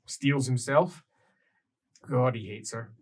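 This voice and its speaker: A man's voice: mid-range voice, takes it slowly. A man narrating as game master in an improvised tabletop game, telling the story with restarts.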